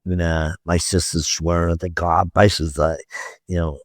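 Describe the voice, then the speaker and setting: A man's voice: low voice, flat delivery, moderate pace, no echo, clean studio sound. A man, a podcast guest, telling a rambling story in casual talk, stammering and repeating himself, acting out the quoted dialogue and swearing often.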